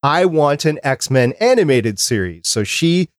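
A man's voice: a little high, big pitch swings, unhurried, dry recording, studio quality. A man hosting a podcast in casual chat, reading out dates and lists in a talkative way. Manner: chatty, reads out dates and lists. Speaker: podcast host.

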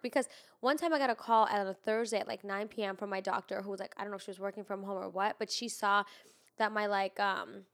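A woman's voice: medium pitch, fairly even intonation, fast, a bit bright. A young woman with a congested, nasal voice, chatting casually with lots of "like" and some swearing. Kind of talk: casual chat.

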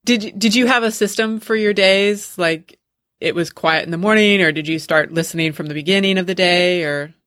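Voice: mid-range voice, moderate pace, a bit bright, no echo, clean studio sound. An interview host who asks thoughtful, long-winded questions.

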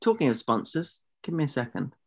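A man's voice: mid-range voice, very animated, fairly quick. A man co-hosting a podcast in casual banter, teasing his partner in mock exasperation. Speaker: podcast co-host.

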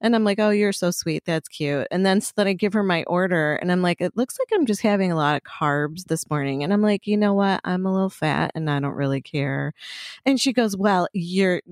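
Middle-aged woman co-host, lower voice, dry close mic, loose storyteller who laughs a lot. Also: fairly quick, no echo. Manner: chatty storyteller, laughs often, swears freely. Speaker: podcast co-host. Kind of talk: casual chat.

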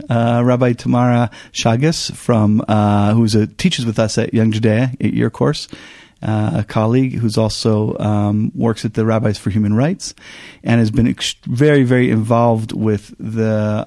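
Guy co-hosting a podcast, gravelly voice, lots of ums, dry close sound. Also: medium pitch, a little mellow, dry recording. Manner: halting, many fillers. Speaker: co-host. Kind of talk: podcast conversation.

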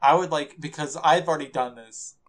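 Giggly, teasing male podcast co-host. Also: on the high side. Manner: giggly, teasing, halting restarts. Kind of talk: casual podcast chat.

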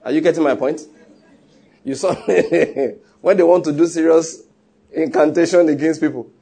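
Male preacher, a bit high and husky, mellow tone, teasing and emphatic. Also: steady tone, normal speed. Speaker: pastor. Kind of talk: sermon.

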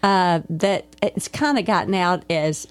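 Woman, Arkansas Southern accent, ministry host, relaxed repeating drawl. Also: fairly low pitch, unhurried, clean tone, dry recording. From Arkansas, USA. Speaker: ministry leader and podcast host. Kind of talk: casual chat.

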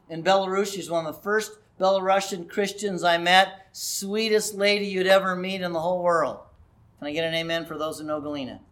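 A man's voice: high-pitched, a bit bright. Earnest male pastor preaching. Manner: earnest, conversational preaching with rising emphasis. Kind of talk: sermon.

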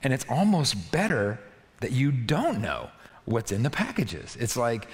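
A man preaching a sermon in a lively, conversational way, often checking in with his listeners. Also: mid-range voice, a little slow, big-room sound. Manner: animated, conversational, frequent "right?" asides. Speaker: pastor.

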